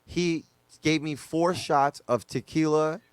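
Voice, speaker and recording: A man's voice: fairly high pitch, takes it slowly, clear, resonant tone, no echo. A man, a DJ guest on a podcast, telling stories casually with loose slang and lots of fillers.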